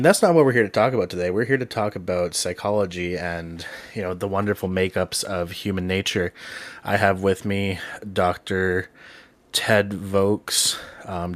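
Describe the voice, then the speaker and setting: Podcast host guy, kinda low voice, rambly, lots of ums and likes. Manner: rambling storyteller, heavy on "um", "like" and "right?". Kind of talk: casual podcast chat.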